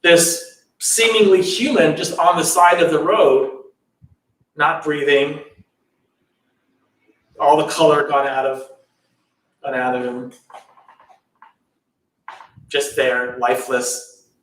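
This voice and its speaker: A man's voice: fairly high pitch, slow pace, long pauses, a bit bright, recorded from a distance. A man telling a spiritual story in a loose, chatty way, in a temple hall.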